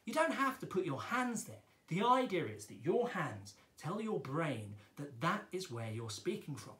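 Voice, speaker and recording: Role: children's drama teacher. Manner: chatty, playful. Pitch: lively. Room: echoey. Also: male voice, moderate pace.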